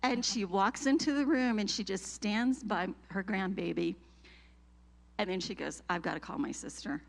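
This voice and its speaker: A middle-aged woman sharing an emotional personal testimony with a church group, telling it with animated feeling and laughs. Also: mid-range voice, moderate pace, gravelly.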